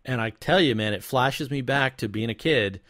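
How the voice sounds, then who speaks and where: Man, podcast host, relaxed and chatty, medium-pitched voice, dry close sound. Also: normal speed, no echo. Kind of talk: casual interview chat.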